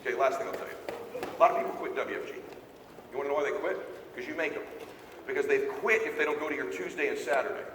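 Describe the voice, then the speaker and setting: A brash, fast-talking man speaks from a stage to a sales team, a little profane and always checking if the crowd is following. His voice sits fairly high for a man and rings through a big echoing hall. It reaches the mic from far off, with a faint murmur of the room behind. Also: background noise. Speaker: motivational speaker. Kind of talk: live motivational talk to a sales team. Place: large hall, stage at a live event.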